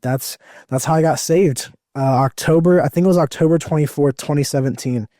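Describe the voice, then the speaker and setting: A man's voice: on the high side, a little fast, warm tone, dry recording, studio quality. A young man in his twenties, an evangelist, telling his testimony in a rambling, emotional way with many fillers and restarts. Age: 20s. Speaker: evangelist guest. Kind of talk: personal testimony in conversation.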